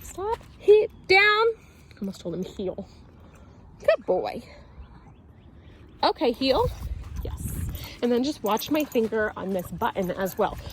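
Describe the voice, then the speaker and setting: Woman, dog trainer, outdoors, sharp commands, explaining while walking, faint background noise. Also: mid-range voice, sing-song, unhurried, long pauses. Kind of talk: instructional talk during dog training.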